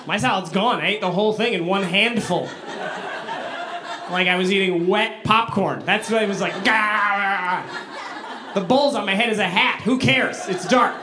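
A man performing a stand-up comedy set in a club, animated and acting out voices in his stories. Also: sits high, normal speed, background noise. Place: comedy club with a live audience. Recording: echoey room, live audience laughter.

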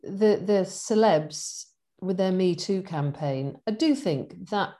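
A middle-aged woman in casual conversation, chatty and animated, laughing often as she talks about her events. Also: mid-range voice, slow pace. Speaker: event organizer and guest.

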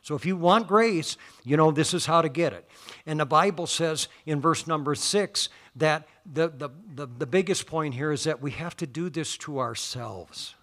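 A man's voice: fairly high pitch, moderate pace. A man preaching a folksy, emphatic sermon in a church. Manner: folksy, emphatic, rising to loud declarations.

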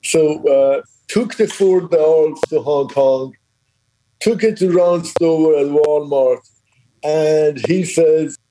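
Animated older male business storyteller. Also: a little high, takes it slowly, rough recording. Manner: animated anecdotes, acts out quoted dialogue, frequent laughs. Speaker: toy company founder, interview guest. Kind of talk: storytelling in a conversational interview.

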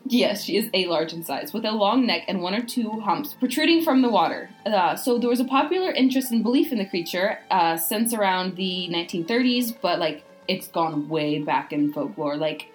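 A woman's voice: mid-range voice, expressive, moderate pace, hardly any pauses, faint music behind, poor audio. Rambling American woman podcast host. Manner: rambling, full of "like" and "you know". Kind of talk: casual podcast chat.

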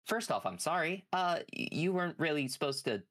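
A man's voice: fairly high pitch, very animated, a little fast, fairly bright tone. A man voicing a flustered female mad scientist who stammers through fillers and apologies. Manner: stammering, nervous, full of fillers.

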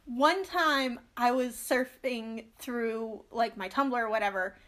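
Young woman on a podcast, high voice, gets heated and rants fast. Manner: animated, ranting, quick asides. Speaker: podcast co-host. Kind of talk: casual chat.

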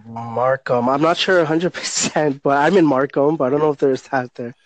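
Guy chatting casually, hedges a lot, dry sound, average pitch. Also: moderate pace, no room sound, poor audio. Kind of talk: casual chat.

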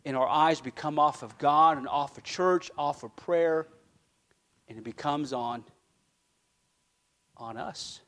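A man who is a pastor, preaching a sermon with fervent emphasis, swinging from loud declarations to quiet, earnest asides. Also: a little high, takes it slowly, long pauses. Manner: fervent preaching, rising loud then dropping soft.

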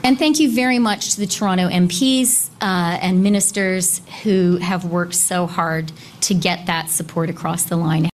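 A woman politician making a measured, formal public announcement. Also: lowish voice, fairly even intonation, a little hiss or hum.

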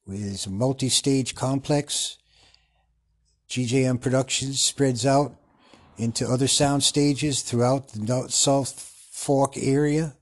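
A man hosting a podcast in a casual, rambling monologue, often losing his train of thought and restarting, with a husky voice. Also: medium pitch, a little mellow. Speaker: podcast host.

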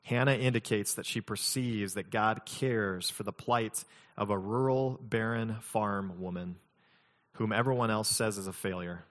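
A man's voice: lowish voice, unhurried, fairly bright tone, in a large hall. A man preaching a sermon as pastor, conversational, mixing scripture reading with humorous personal stories.

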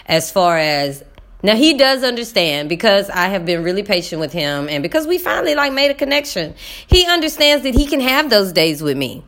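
A woman teacher telling her viewers a classroom story in a casual, animated way, acting out voices and speaking to them as y'all. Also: medium pitch, a little fast. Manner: animated, talks to viewers as y'all, acts out dialogue. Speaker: middle school teacher.

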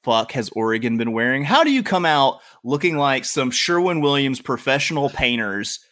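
A man's voice: mid-range voice, normal speed. A man with a Southern accent from Louisiana, hosting a casual sports podcast and ranting with lots of swearing. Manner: profane, animated ranting. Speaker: podcast host.

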